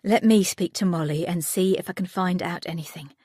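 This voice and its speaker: A woman narrator voices a defensive mother pleading for calm in an audiobook thriller. The lines come a touch higher than her narration, recorded dry and close. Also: a little fast, breathy edge, dry recording.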